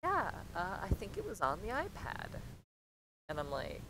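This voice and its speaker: A young woman tells a rambling, swear-filled story in a casual vlog and acts out each quoted line. Her pitch swings widely from line to line. A steady low rumble runs clearly behind her voice. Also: measured pace. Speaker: streamer telling a story.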